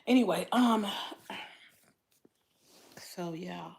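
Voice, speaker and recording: Slow, teary, low-voiced woman talking live. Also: gravelly. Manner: rambling, sighing, soft-spoken, trails off. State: tearful, crying. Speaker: livestream host. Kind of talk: casual live chat to viewers.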